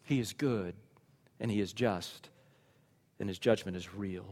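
A man's voice: lowish voice, a little slow. Fervent male preacher in a reverberant hall. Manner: preaching, from quiet and reflective to loud and fervent. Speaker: pastor. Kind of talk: sermon. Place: church.

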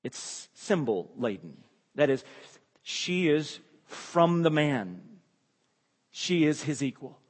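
Male preacher, emphatic sermon delivery, slow and deliberate, husky voice, long hall reverb. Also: a little high, very animated. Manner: emphatic, repeats key phrases, rises when exclaiming. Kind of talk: expository sermon.

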